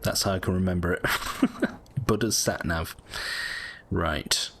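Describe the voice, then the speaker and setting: A man's voice: sits low, slow, vocal fry, fairly bright tone, a little hiss or hum. A British man giving casual gameplay commentary, chatty and prone to frustrated swearing. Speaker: gameplay streamer.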